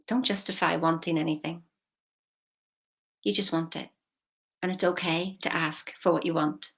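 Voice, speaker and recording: A woman, a money mindset coach talking casually, emphatic and chatty with soft intimate asides. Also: fairly low pitch, steady tone, normal speed, creaky. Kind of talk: casual motivational vlog.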